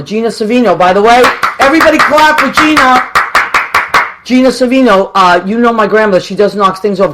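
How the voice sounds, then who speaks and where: A woman hosting a radio show alone, chatting and greeting listeners by name. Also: mid-range voice. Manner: chatty and affectionate, greets people warmly. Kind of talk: live radio chat, reading out listeners.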